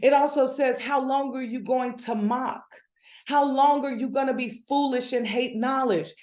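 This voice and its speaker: A woman giving a devotional Bible teaching, preaching with animated energy that builds in excitement. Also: high voice, moderate pace, roomy sound. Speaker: devotional speaker.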